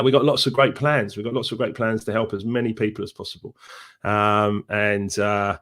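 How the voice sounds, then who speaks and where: A man's voice: mid-range voice, a bit bright. A man with a Cockney accent, a success coach chatting upbeat and casually to viewers on a live stream. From England. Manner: upbeat, chatty, many fillers.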